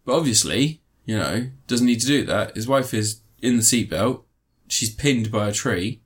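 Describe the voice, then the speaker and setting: A man casually recapping and reviewing a film, rambling with fillers, sarcastic asides and quick mock voices. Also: mid-range voice, expressive, husky.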